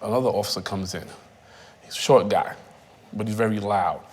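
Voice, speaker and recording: A man in his thirties giving personal testimony in a reflective, halting way, often repeating phrases. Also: lowish voice, slightly rough. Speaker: interviewee. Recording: reverberant room.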